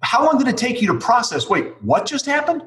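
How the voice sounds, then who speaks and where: A man's voice: extremely high pitch, huge pitch swings, a little fast, a bit bright, roomy sound. A man hosting a casual interview who leads with questions and recaps facts. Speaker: podcast host.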